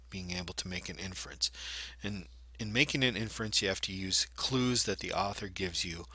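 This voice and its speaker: Man with a bright, dry voice, teaching. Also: deep voice, husky, no room sound. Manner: explanatory, demonstrates by reading aloud. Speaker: reading teacher. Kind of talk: instructional video lesson.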